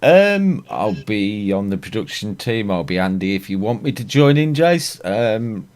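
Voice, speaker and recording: A man's voice: on the low side, sing-song, measured pace, a little mellow. A man co-hosting and producing a podcast, easygoing and self-deprecating in casual chat.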